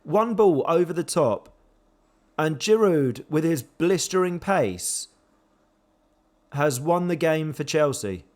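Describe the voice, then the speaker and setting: A young man commentates a football management game from his own save, calling the action in a fairly high voice. He talks with animated swings between excitement and dejection, quick to exclaim and quick to deflate. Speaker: gaming YouTuber.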